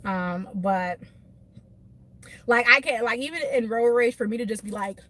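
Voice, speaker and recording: A woman beauty vlogger ranting animatedly to her live viewers from her car, emphatic and quick to laugh. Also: a little high. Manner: animated, emphatic, laughs often, talks to chat by name. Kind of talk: casual venting rant to live viewers.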